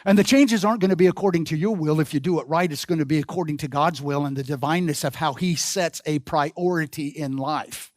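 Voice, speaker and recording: A male pastor with a fairly high voice preaches a sermon. He repeats key phrases and calls the congregation to answer back, building in force as he goes. His voice is heard close and dry, with little room sound. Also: a little fast, few pauses, dry recording. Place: church sanctuary.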